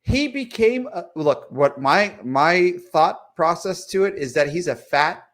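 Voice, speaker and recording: A man's voice: on the high side, lively intonation, measured pace, a bit bright. A man co-hosting a political podcast, ranting with lots of swearing and repetition. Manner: profane and worked-up, repeats himself. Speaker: podcast co-host. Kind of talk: heated political podcast chat.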